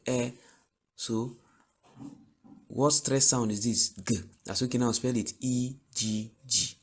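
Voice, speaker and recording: Man, low voice, reading teacher, explains patiently, repeats example words slowly, checks if you follow. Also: breathy edge. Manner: explanatory, asks "do you get it?". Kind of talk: spoken lesson for teachers.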